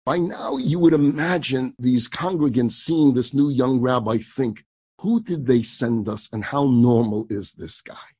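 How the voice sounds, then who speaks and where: A man's voice: mid-range voice, measured pace, breathy edge, dry recording. A man, a rabbi, telling a personal story in a sermon, acting out the dialogue and laughing as he goes. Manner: animated storyteller who acts out dialogue, laughs while telling.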